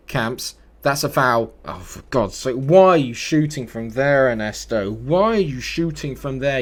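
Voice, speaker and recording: Frustrated man commentating his game. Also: low-pitched. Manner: exasperated, swings from mutters to outbursts. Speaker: gaming YouTuber. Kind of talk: casual let's-play commentary.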